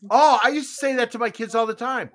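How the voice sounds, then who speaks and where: A middle-aged man from Tucson hosting a podcast in casual chat, telling animated stories and acting out quoted voices. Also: very high voice, quick pace. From Tucson, Arizona. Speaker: podcast host.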